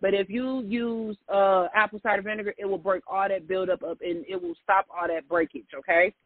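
A man's voice: high-pitched, fairly even intonation, fairly quick, no echo. A man hosting a podcast, chatting casually and giving advice straight to his listeners. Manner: chatty, gives hair tips, often addresses listeners as "y'all". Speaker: podcast host. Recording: tinny phone-like line.

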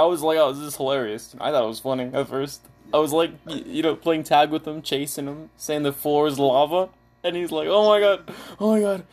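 A young man casually telling a funny story to friends, animated and laughing, acting out quoted lines. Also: mid-range voice.

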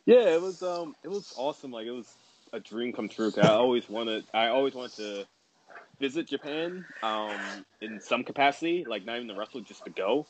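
Speaking at a medium pitch with an expressive delivery, the wrestler guest tells a casual, rambling podcast story, fast and full of "like" fillers. The audio is poor.

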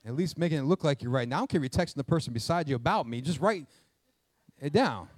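A man, a pastor preaching a sermon to his church with lively call-and-response questions. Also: no room sound. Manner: jokes aside in a quiet, quick low voice. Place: church sanctuary with congregation.

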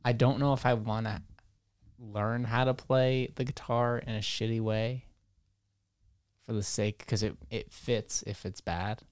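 A man's voice: medium pitch, steady tone, a little slow, smooth, dry recording, clean studio sound. A man hosting a podcast, talking in a loose, rambling, profane way at a podcast mic. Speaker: podcast host. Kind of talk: casual podcast chat.

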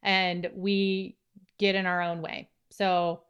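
A woman's voice: lowish voice, level tone, slow pace, a bit bright, clean tone, muffled recording. A woman co-hosting a faith-based podcast, speaking in an earnest, candid, reflective way. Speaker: podcast co-host.

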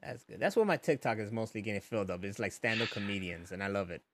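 A man's voice: lowish voice, fast. Laughing, profane man in casual chat. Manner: laughs often, profane, animated storytelling.

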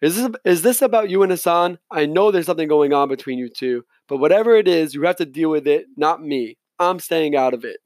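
A man's voice: fairly high pitch, fairly quick, few pauses, a little mellow, dry recording, natural voice. A man voicing a stern, curt father. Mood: irritated. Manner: curt, angry, clenched teeth. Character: stern proud Afghan father, middle-aged man, quick temper.

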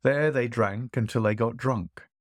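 A man narrating a classic tale in a measured, expressive reading. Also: medium pitch, no room sound, clean studio sound. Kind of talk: audiobook storytelling.

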